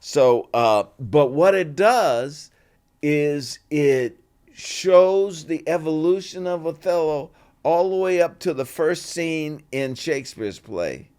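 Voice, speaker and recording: A man, an actor guest in an interview, telling relaxed anecdotes and acting out the voices of the people in them. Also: on the high side, takes it slowly, clear, resonant tone. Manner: animated, acts out quoted voices in stories; relaxed and conversational, with "you know" fillers.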